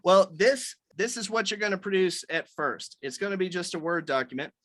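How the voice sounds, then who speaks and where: A man's voice: sits high, animated, a little fast, fairly bright tone, no echo. A man leading a writers' meeting on a video call, explaining things loosely with many fillers and restarts.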